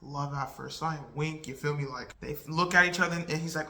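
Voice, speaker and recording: A woman's voice: low voice, fast talker, few pauses, bright, forceful tone, roomy sound, slight background noise. A woman casually retelling a movie plot in a rambling, chatty way, losing track and correcting herself as she goes. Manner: rambling and chatty, full of "like" and "right?"; loses track and corrects herself mid-story. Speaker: vlogger reviewing a movie. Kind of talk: casual spoken movie recap.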